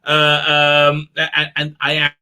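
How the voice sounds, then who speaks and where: Sarcastic, bright-voiced male reviewer. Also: on the high side, extremely slow, clean tone. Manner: sarcastic, animated, laughing rant. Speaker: video reviewer. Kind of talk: casual episode recap and review.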